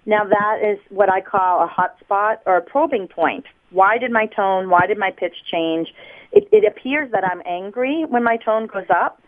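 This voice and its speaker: A woman from the United States, a body language expert, explaining on a radio show in a lively teaching tone over the phone. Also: medium pitch, a little slow. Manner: lively teaching tone, acts out examples. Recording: tinny phone line.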